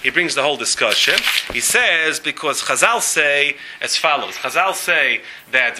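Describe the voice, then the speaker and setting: Bright-voiced man teaching a lively lesson. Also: on the high side, normal speed, few pauses, slight background noise, poor audio. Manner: emphatic, animated teaching with questions to the room. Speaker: rabbi teaching a class. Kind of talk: Talmud lecture with interjections from students.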